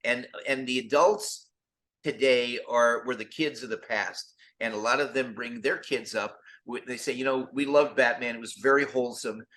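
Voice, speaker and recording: An older man, a guest actor, telling lively stories in an interview and acting out the quotes, often repeating words as he goes. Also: medium pitch, normal speed. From United States. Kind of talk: storytelling interview.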